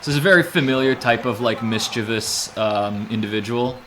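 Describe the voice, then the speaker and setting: A man streaming a video game, talking casually and rambling, then bursting into loud excited shouts during play. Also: medium pitch, moderate pace. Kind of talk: casual live gameplay commentary.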